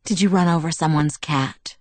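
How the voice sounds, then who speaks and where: A woman reading the lines of a calm, protective young man in a soft, measured, reassuring way, recorded on a close studio mic. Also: low voice, no echo. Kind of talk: audiobook dialogue reading.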